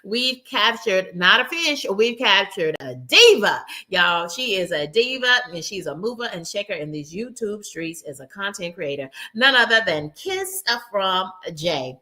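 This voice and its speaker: A woman's voice: medium pitch, very animated, a little slow, hardly any pauses, sharp tone. Upbeat woman host addressing y'all. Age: 40s. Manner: upbeat and preachy, keeps saying y'all and friends. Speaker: YouTube channel host. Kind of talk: casual livestream chat.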